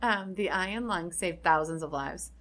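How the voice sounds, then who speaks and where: Lower-voiced woman explaining facts. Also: normal speed, fairly bright tone. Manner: explains facts with many ums and restarts. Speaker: podcast co-host. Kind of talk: casual chat.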